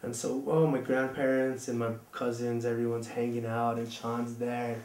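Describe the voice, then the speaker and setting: A man's voice: mid-range voice, monotone, normal speed, darkish tone, echoey room. A man telling a personal story in a casual, rambling way, full of fillers.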